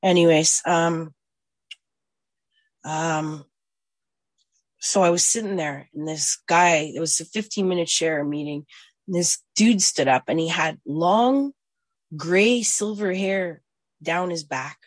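A woman in her forties, blunt and profane, telling her own recovery story and swinging from hushed to loud. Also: on the low side, takes it slowly, long pauses, dry recording. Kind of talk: personal recovery testimony.

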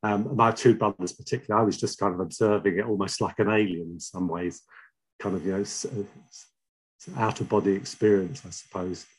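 A middle-aged man with a London accent telling his own recovery story, halting and repeating words, wry and confessional. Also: lowish voice, steady tone, slightly rough. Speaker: speaker sharing a recovery story. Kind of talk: personal testimony.

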